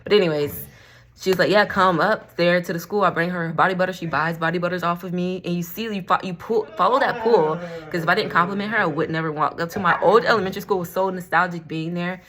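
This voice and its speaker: Woman vlogging from home, low-ish voice, rambly and giggly, lots of y'all. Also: fast, fairly bright tone. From Florida. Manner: chatty and rambling, laughs often, says y'all. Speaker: vlogger and crystal seller. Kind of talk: casual chat to camera.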